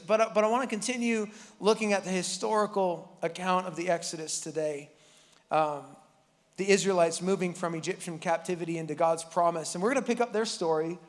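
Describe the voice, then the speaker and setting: A man's voice: sits high, fairly bright tone, long reverb tail. A man preaching a casual, joking sermon as pastor, acting out Bible characters with the congregation. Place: church hall.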